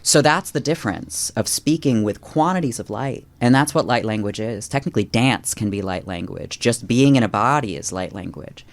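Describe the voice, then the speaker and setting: Guy with a lowish voice chatting on a podcast, animated, lots of ums and restarts. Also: normal speed, vocal fry, hardly any pauses. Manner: animated, acts out quoted lines in a raised voice; many fillers and restarts. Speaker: podcast guest. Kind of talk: conversational storytelling.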